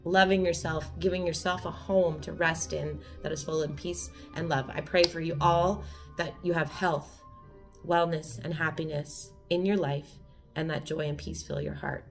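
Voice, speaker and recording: A woman with a fairly low voice shares a daily meditation in an earnest, gently encouraging way. She sounds emotional, close to tears at times. Soft music plays faintly behind her. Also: fairly even intonation, moderate pace. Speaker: host of a daily reflection video. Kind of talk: reading and reflecting on a daily meditation.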